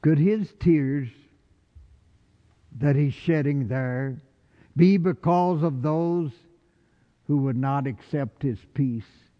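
A man preaching a sermon with passion, rising to loud calls and dropping to hushed lines. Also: on the high side, takes it slowly, pauses often. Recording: dull lo-fi recording with long hall reverb.

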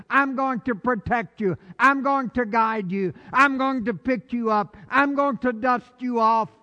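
A man's voice: very high-pitched, pushed and bright, voice pushed up, exaggerated voice. A man voicing God as a loving, all-powerful father, making emphatic repeated promises in a sermon. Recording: echoey hall, dull lo-fi sound.

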